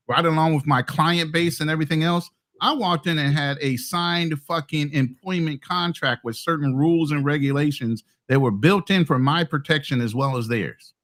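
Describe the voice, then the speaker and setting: A man's voice: fairly high pitch, fairly bright tone. A middle-aged man talking bluntly and profanely in a casual podcast chat, as a co-host. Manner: blunt, profane, boastful storytelling.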